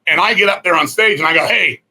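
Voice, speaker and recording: A middle-aged guest musician from Virginia, USA, tells stories in a casual interview, his husky voice sitting high and forceful. He talks fast, profanely and animatedly, acting out other people's lines. The recording is rough.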